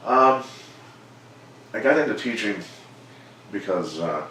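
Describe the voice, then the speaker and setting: A middle-aged man, a former fighter turned coach, telling stories in a measured, plainspoken way during an interview. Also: on the low side, slight background noise. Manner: measured, plainspoken, animated when quoting others. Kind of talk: casual storytelling interview. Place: gym. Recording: echoey room, mic far off.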